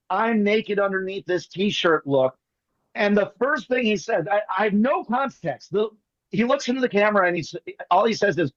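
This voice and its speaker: A man performing as a magician, telling jokey stories in quick comic patter over a video call. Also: high-pitched, fairly bright tone, no room sound, lo-fi sound. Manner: rapid joking storyteller, playful teasing. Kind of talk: comic patter on an online show.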